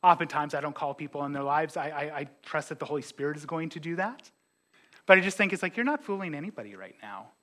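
A man preaching as a pastor, animated, with joking asides and quick impressions of his congregants. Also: on the high side. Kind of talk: sermon.

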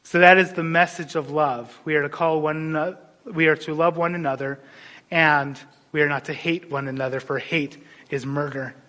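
A man preaching a sermon, animated and storytelling, dropping suddenly into quiet asides. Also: on the high side, moderate pace. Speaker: pastor. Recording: long hall reverb.

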